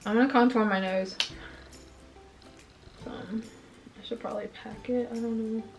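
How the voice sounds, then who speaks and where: A woman's voice: on the high side, fairly even intonation, normal speed, creaky, soft background music, low-quality recording. A young woman filming a casual makeup review at home, chatting and venting her frustration, a bit out of breath. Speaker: beauty vlogger. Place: indoors at home, filming herself.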